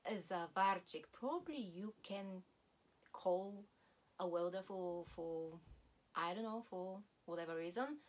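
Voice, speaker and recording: Woman, language teacher, slow and deliberate, repeats each word for practice. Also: lowish voice, expressive. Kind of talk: language lesson.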